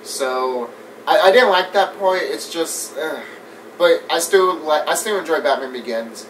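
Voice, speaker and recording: A man giving a casual, animated movie review rant. He swears often, laughs a lot and mimics scenes as he talks. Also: a little high, unhurried. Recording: distant mic with faint background noise.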